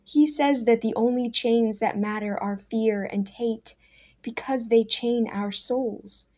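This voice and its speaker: A woman reading aloud and voicing a humble, poor man who speaks slowly and steadily with quiet conviction. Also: a little high, steady tone. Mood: calm, steady.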